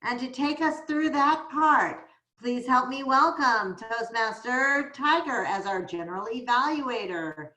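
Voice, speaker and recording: A woman with a fairly high voice hosts an online meeting in an upbeat, welcoming way. Her voice comes over a video call and echoes around the room she is in. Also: expressive, unhurried, bright, forceful tone. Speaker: meeting presider.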